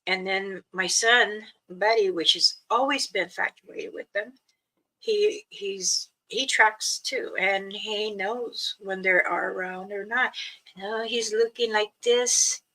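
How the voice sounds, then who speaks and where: A mother casually telling a personal story, chatty and laughing often, acting out her children's voices and hushing her own quoted words. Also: mid-range voice, takes it slowly, rough recording.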